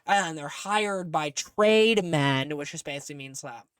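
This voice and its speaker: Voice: mid-range voice, measured pace, fairly bright tone, clean tone, no echo. Casual podcast co-host, rambling, digressive, filler-heavy, dry recording.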